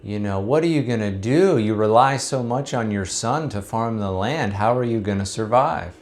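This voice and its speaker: A man voicing an excitable male neighbor in a spoken parable, full of alarmed exclamations. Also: fairly low pitch, normal speed, close to an everyday voice.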